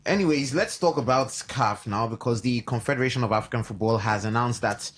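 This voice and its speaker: Nigerian radio sports host, fired up, slightly husky voice. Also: male voice, medium pitch, fairly quick. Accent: Nigerian English. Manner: animated, worked up, drops into pidgin. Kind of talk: casual sports talk on radio.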